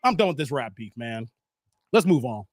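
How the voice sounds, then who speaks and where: Animated man ranting on a livestream. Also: mid-range voice, normal speed, no echo, studio quality. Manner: animated, riled up, talks straight to chat. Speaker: livestream host. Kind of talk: casual livestream rant.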